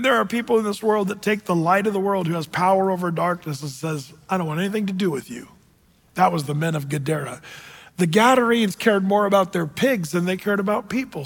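High-voiced man preaching in a reverberant hall. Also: vocal fry. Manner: dramatic storytelling, shifts from loud to hushed. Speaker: pastor. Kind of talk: sermon. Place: church sanctuary with congregation. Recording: long reverb in a large hall.

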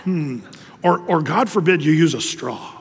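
High-voiced preacher in an echoing hall. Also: male voice, lively intonation, unhurried, creaky, background noise. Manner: emphatic, sarcastic, joking. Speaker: pastor. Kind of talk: sermon. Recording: long hall reverb.

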